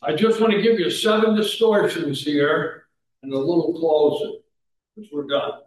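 A male pastor preaching a sermon, moving between quiet asides and raised, urging exhortation. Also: fairly high pitch, unhurried. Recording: echoey room, mic at a distance.

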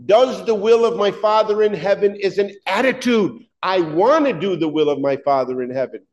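A man delivers a sermon in a noticeably high voice. He talks emphatically but conversationally, throwing rhetorical questions at his listeners to drive each point home. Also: animated, moderate pace, muffled recording. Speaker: preacher.

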